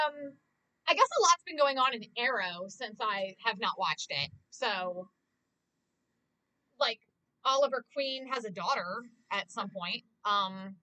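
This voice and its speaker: A woman's voice: mid-range voice, bright, forceful tone, rough recording. A young woman streaming, recapping a TV episode in a casual, rambling way, swearing freely and gushing as a fan. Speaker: Twitch streamer.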